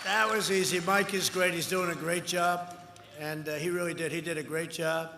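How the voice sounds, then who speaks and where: A man's voice: on the high side, steady tone, normal speed, vocal fry, pushed and bright. A man in his seventies giving a campaign rally speech, rambling and repeating himself, boasting and riffing with the crowd. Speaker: political speaker. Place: large outdoor rally. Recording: echoey rally sound, cheering crowd. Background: crowd noise.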